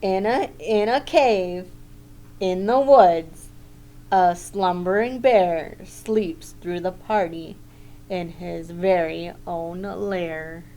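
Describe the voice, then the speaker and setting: A woman teacher reading a picture book aloud to children in a gentle way, pausing to comment and ask questions. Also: fairly low pitch.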